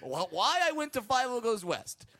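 A man's voice: medium pitch, lively intonation, a little fast, fairly bright tone, no echo, clean studio sound. A man co-hosting a casual comedy chat, joking and laughing and slipping into silly impressions. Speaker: podcast co-host, comedian.

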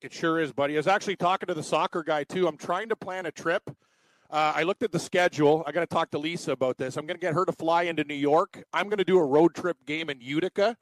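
A man's voice: a little high, fast, dry recording, poor audio. A man co-hosting a sports talk show, joking and teasing his partner in casual banter. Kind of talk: casual chat.

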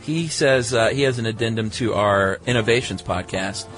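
A middle-aged man with a somewhat low voice, co-hosting a podcast. He talks in a loose, easygoing way and reads listener mail aloud. Faint music plays underneath. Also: moderate pace, a bit bright. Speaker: podcast co-host. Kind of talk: casual chat.

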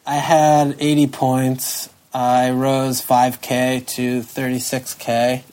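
A man co-hosting a casual podcast in a deadpan, sweary way. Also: medium pitch, takes it slowly. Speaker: podcast co-host. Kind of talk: casual chat.

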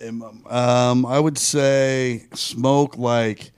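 A man with a slightly gravelly voice, chatting on a sports podcast as a regular, agreeing easily and backing up the host. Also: medium pitch, steady tone, drawn-out words, a little mellow. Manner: agreeable, laid-back, backs the host up. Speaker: show's blogger, co-host. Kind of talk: casual podcast chat.

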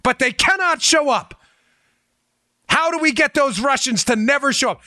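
A man hosting a political podcast, talking in an animated, sarcastic and wisecracking way and mocking other people's voices. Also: very high voice, normal speed, no echo, studio quality.

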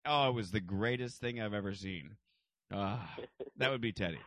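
A man's voice: lowish voice, normal speed, no echo, clean studio sound. A man hosting a casual comedy podcast, joking and swearing as he tells stories. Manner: profane, animated storytelling with acted quotes. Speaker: podcast host.

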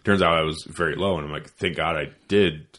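A man's voice: very deep voice, steady tone, quick pace, fairly bright tone. A man talking bluntly and profanely in a casual podcast chat, self-deprecating and candid. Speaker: podcast host.

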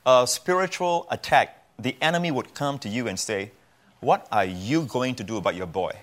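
A man's voice: medium pitch, animated, moderate pace. Earnest man teaching scripture. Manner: earnest, repeats phrases for emphasis. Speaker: guest preacher. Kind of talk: Bible teaching on a talk show.

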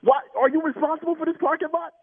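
A man's voice: very high-pitched, steady tone, fast, dry recording. A man on a phone call, angry and swearing, firing off questions one after another. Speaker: prank call victim. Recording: tinny phone line.

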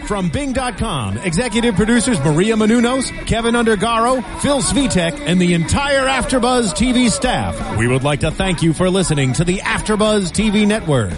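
A pompous, showy announcer with a high, swooping delivery, as a man puts him on. Loud music plays under the voice throughout. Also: expressive, moderate pace, hardly any pauses. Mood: grandiose. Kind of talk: mock-posh sign-off announcement.

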